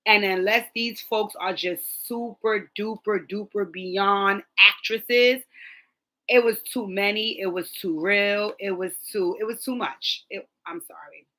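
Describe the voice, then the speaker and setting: Woman, host, casual opinion vlog, blunt, animated, repeats herself, bright forceful voice. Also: medium pitch, slow pace, low-quality recording.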